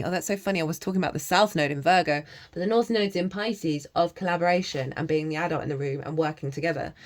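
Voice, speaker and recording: Tarot reader woman, slightly low voice, casual and encouraging to camera, slips into chanted made-up syllables. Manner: chatty, encouraging, with frequent laughs.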